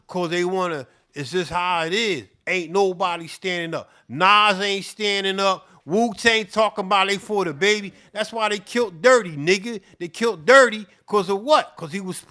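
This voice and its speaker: A man's voice: high voice, pushed and bright. A middle-aged man ranting off the cuff to camera, profane and repetitive, sweating and worked up. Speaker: beatmaker. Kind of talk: heated off-the-cuff rant to camera.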